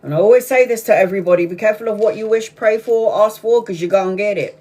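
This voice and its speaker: A woman doing a casual live-stream tarot reading, chatty and excitable, swearing freely and calling her viewers sweetheart. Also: medium pitch, fast. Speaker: tarot reader.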